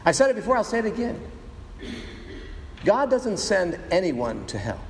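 A man preaching a sermon with dramatic pauses, rhetorical questions and playful sound effects. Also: high-pitched, big pitch swings, long reverb tail, slight background noise. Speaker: pastor.

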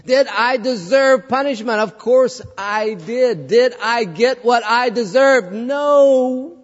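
A man preaching a sermon as a pastor, telling a story with animated delivery and acting out voices, in a dull recording with long hall reverb. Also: very high voice, slow.

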